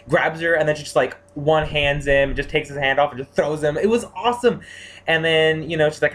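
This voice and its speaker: Excitable male reviewer, gushing casual chat, slightly higher voice, faint background hiss. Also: brisk. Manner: excitable and gushing, many fillers and restarts. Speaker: TV series reviewer.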